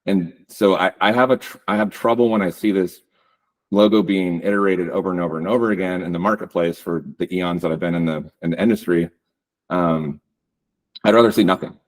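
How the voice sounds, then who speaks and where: A man giving a casual webinar talk on real estate branding, relaxed and loose with lots of ums and likes. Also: low-pitched, fairly quick. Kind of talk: webinar presentation.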